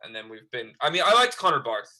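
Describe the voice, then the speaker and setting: A man who is a guest on a casual sports podcast, speaking knowledgeably and sometimes trailing off into low mutters. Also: sing-song, quick pace, bright, forceful tone. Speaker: guest, video creator and fan.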